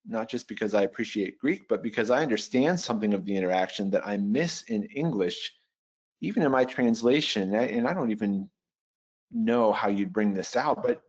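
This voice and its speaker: A man teaching a Bible software webinar, thinking aloud as he works through a passage. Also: lowish voice, breathy edge. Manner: thoughtful, thinking aloud with restarts. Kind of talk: webinar teaching with screen demo. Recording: dull lo-fi webinar audio.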